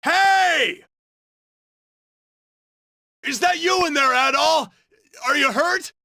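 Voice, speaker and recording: Dogi: a loud, husky brawler. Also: male voice, high-pitched, big pitch swings, moderate pace, no echo, studio quality, full character voice. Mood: excited. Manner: loud, cheerful, hollering. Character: burly, boisterous young man, loyal companion. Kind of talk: video game voice acting.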